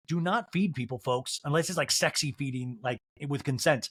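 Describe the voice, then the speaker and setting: A man's voice: mid-range voice, normal speed, a bit bright, husky. A man hosting a podcast, recapping a TV episode comically with gossipy, wry asides. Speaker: podcast host. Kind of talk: comedic solo TV recap.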